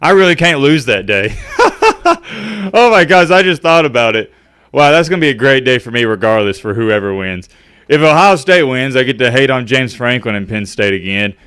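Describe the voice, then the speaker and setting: A man's voice: medium pitch, animated, normal speed, a bit bright, smooth, dry recording, clean studio sound. A man streaming sports commentary, ranting emphatically with sarcastic asides while reading out fan comments. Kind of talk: casual rant over fan comments.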